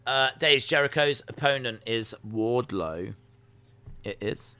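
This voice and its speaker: A man's voice: mid-range voice, lively intonation, slow pace, sharp tone, clear, resonant tone. A man hosting a live stream, reacting to wrestling in casual commentary, joking and answering chat messages. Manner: jokey, reads out and answers chat.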